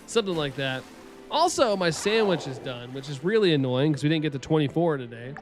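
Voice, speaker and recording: A man's voice: fairly high pitch, very animated, normal speed, over music. A man chatting casually with his live-stream viewers, rambling and laughing often.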